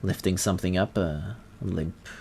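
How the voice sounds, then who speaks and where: A man narrating a tabletop role-playing game as game master, in second person and with halting pauses and fillers. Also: low-pitched, steady tone, warm tone, slight background noise.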